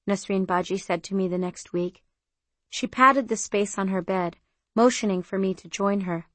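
A woman reads an audiobook chapter in a measured first-person voice at a middling pitch. The sound is close and bone-dry, with no room at all. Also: fairly bright tone, no room sound. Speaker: audiobook narrator. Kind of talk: scripted narration.

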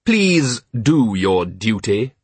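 Man voicing a wry male ruler, dry irony, polite, calm, a bit husky, audiobook. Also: lowish voice, extremely slow, no room sound, exaggerated voice. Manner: calm, dryly ironic, polite.

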